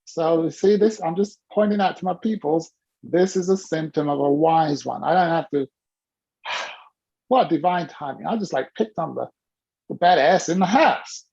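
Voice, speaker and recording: A woman hosting a casual video-call workshop, talking in a playful, teasing, animated way. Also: low-pitched, moderate pace, creaky, slightly rough, dull audio. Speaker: host and coach.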